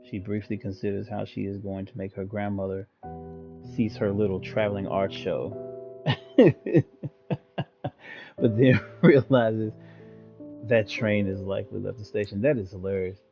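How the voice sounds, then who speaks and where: Low mellow-voiced gaming host. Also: male voice, flat delivery, a little fast, gravelly, soft background music. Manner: reads aloud, breaks off to joke and laugh. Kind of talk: reading game text with casual commentary.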